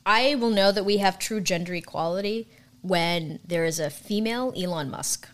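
A woman's voice: mid-range voice, normal speed. A young woman co-hosting a podcast in casual chat, joking in a dry, sarcastic way. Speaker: podcast co-host.

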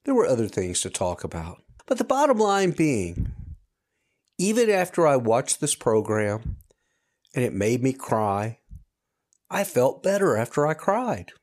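A man's voice: medium pitch, sing-song, measured pace, darkish tone. A man in his fifties hosting a podcast, talking earnestly and reflectively straight to his listeners in a personal monologue. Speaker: podcast host.

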